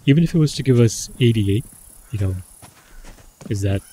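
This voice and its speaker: A man's voice: medium pitch, animated, normal speed, warm tone, slight background noise. A man giving casual running commentary while playing a survival game, talking himself through his choices. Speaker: gameplay commentator.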